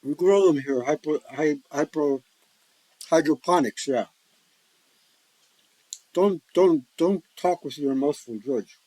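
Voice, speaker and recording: A man's voice: on the high side, takes it slowly, long pauses, mellow, no room sound, poor audio. A man casually talking through a solo board wargame, joking and rambling with folksy asides. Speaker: board wargame player and host. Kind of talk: casual solo-play commentary.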